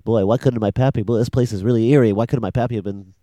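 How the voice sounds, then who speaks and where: A gruff cartoon sailor who mutters his thoughts half under his breath, put on by a man. The voice sits a little higher than usual and comes across dry and close. He sounds glum and lonely. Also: fairly even intonation, fast talker, warm tone, no room sound, natural voice. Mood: muttering. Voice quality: mumbling.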